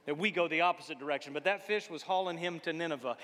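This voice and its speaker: A preacher with a high, bright voice delivers a folksy, joking sermon. He swings from loud exhortation down to hushed tones, and his voice rings through a reverberant church hall. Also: fast talker, creaky, hardly any pauses.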